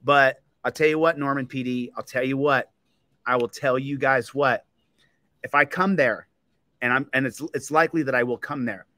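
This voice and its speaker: A livestream host who audits police rants angrily and repetitively at a police department, fired up and confrontational. His mid-range voice is bright and forceful, moving at a moderate pace with no echo.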